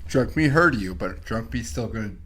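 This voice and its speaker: A man's voice: on the low side, animated, moderate pace, crowd noise. A man hosting a podcast, easygoing and casual as he wraps up the show. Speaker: podcast host. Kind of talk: casual chat.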